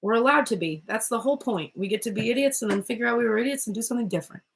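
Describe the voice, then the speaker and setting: A woman's voice: fairly high pitch, rapid-fire, creaky, slight background noise. A woman giving a casual spoken tarot reading, chatty and rambling, often breaking off mid-sentence and laughing. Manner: chatty, rambling, self-interrupting with frequent "like". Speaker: tarot reader.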